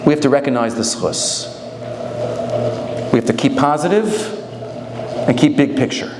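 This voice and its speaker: A man, a rabbi, giving a Torah talk to staff, telling a story in an animated, conversational way. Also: mid-range voice, moderate pace. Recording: echoey hall, faint noise.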